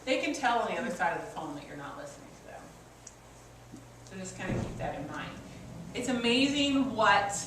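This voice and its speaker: A woman with a mid-range voice coaches on customer service, presenting a workshop to an audience in a meeting room. She teaches conversationally and shares personal stories. Captured from a distance in an echoey room, the audio has faint ambience and background noise.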